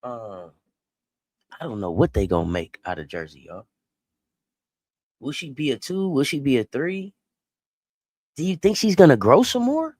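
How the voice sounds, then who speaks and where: Woman co-host, casual sports talk, animated, repeats herself, dry close mic. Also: a bass voice, normal speed, pauses often, no echo. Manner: animated, playful, repeats words.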